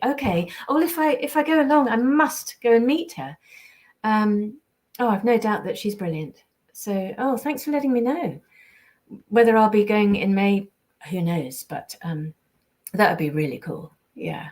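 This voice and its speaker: Chatty British voice actress on a live stream. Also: female voice, mid-range voice, expressive, moderate pace, a little mellow. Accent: British English. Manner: chatty, reads viewer comments aloud and answers them. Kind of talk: casual live-stream chat.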